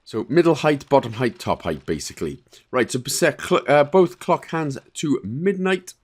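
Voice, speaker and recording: A relaxed man in the middle of a casual game walkthrough, talking through each step at an easy pace. His pitch rises and falls a lot as he explains, and he often pauses with fillers or corrects himself mid-sentence. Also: breathy edge. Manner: relaxed, chatty, with frequent fillers and self-corrections. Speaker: game guide creator.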